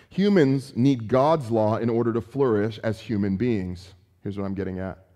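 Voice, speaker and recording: A male pastor delivers a sermon in an animated, conversational style. His voice sits at an average pitch for a man. He moves easily between teaching and telling stories.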